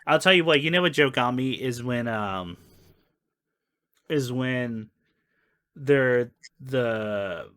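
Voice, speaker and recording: A man's voice: mid-range voice, expressive, slow, pauses often, fairly bright tone, clear, resonant tone. A man co-hosting a casual movie podcast, telling stories with laughter and swearing. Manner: laughing, profane storyteller. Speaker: podcast co-host. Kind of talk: casual movie-review chat.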